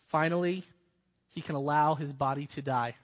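A man preaching with a slightly high voice, swinging from shouted cries down to hushed lines. His voice rings out through a large hall with a long reverb tail, and the sound is a bit dull and muffled. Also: fairly even intonation, moderate pace. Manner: dramatic, swinging from loud cries to near-whispers. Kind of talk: sermon.

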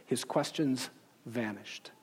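A man, apparently a pastor, informally recommending books and pausing often as he reflects. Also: mid-range voice, slight background noise. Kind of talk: informal book recommendations with read-aloud quotes.

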